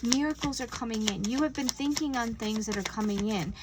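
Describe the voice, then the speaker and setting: A woman giving a casual spiritual tarot reading, earnest and gentle, often acting out imagined conversations. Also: fairly high pitch, fairly quick, heavy background noise. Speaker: tarot reader.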